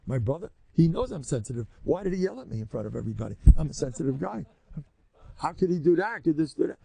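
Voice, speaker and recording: Gravelly, animated older rabbi lecturing. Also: male voice, quick pace, no room sound. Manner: animated, jumps high in pitch when mimicking.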